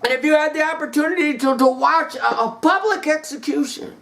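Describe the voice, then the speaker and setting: A preacher telling a story in a sermon, dramatic and repetitive, rising to shouts. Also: sits high, fairly quick, vocal fry.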